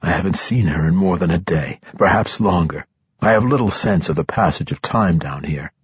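A man gives voice to a hard, sardonic assassin in this audiobook. The voice sits deep and husky, each line clipped and dry. The recording is dull and lo-fi, with a close, dry sound. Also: moderate pace, dry recording. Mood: grim. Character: grim, wry male assassin.

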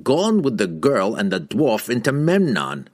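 A man's voice: mid-range voice, wildly swooping pitch, unhurried, darkish tone, pitched above the performer's own voice. Man doing a desperate, groaning pirate captain. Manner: strained, groaning, pleading delivery. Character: bitter captive male pirate captain, pleading.

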